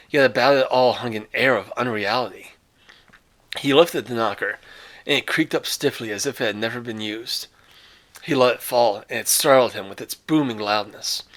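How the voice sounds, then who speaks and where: A man's voice: medium pitch, a bit bright. A man reading a short story aloud with dramatic phrasing and casual, offhand asides. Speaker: reader.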